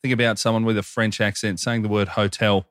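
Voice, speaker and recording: A man's voice: on the low side, level tone, brisk, a bit bright, clear, resonant tone, no echo, clean studio sound. An Australian man co-hosting a podcast, chatting and reading listener messages aloud in an upbeat way. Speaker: podcast co-host.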